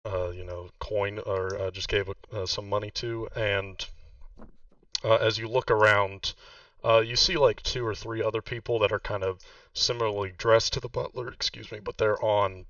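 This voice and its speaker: Low-voiced male game master, casual and rambling, on a distant muffled mic. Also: steady tone, normal speed, fairly bright tone, no echo. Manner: casual, filler-heavy, laughing. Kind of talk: narrating a tabletop game.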